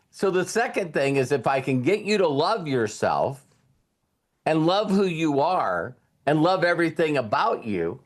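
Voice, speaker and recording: Brief: man, slightly high voice, motivational speaker, loose spoken delivery with restarts. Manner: casual, repeats words, retells conversations. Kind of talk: motivational talk with storytelling.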